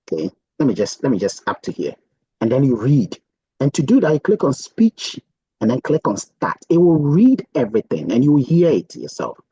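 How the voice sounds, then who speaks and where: Husky man giving a lively casual tutorial. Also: medium pitch, normal speed, no echo, muffled recording. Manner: chatty, thinking aloud with many "okay"s. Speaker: software tutorial presenter. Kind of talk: casual screen-share tutorial.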